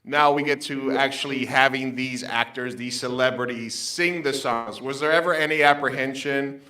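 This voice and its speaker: A man moderating a screening Q&A, giving brief reactions and then asking a measured question. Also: mid-range voice, fairly even intonation, bright, forceful tone. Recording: echoey venue, distant mic.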